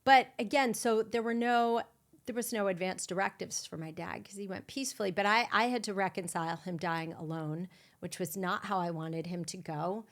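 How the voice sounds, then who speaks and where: A middle-aged woman hosting a podcast, telling a raw, emotional personal story with blunt swearing and dark humor. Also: medium pitch, normal speed. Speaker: podcast host. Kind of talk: candid conversational storytelling.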